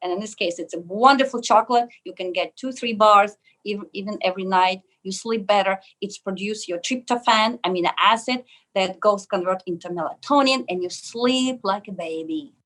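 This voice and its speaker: A woman's voice: medium pitch, a bit bright. Russian-accented woman explaining her diet. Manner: earnest and explanatory, pausing often on "uh" and "um". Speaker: guest, wellness clinic pharmacist. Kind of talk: casual interview.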